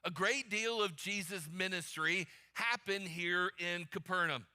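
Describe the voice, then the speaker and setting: A male pastor preaching a sermon emphatically, calling on the congregation to answer out loud. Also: high-pitched, a little slow. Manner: emphatic, calls for congregation responses.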